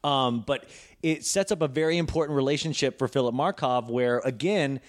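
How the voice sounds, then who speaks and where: A man who is an actor, a guest on a casual podcast, talking excitedly and imitating characters and sounds. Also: mid-range voice, normal speed. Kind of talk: casual chat.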